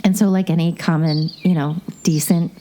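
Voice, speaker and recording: A woman with a low, mellow voice chats casually as a podcast host. She rambles through a story with plenty of asides. Faint noise sits under her voice. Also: fairly even intonation, moderate pace. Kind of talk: casual movie recap chat.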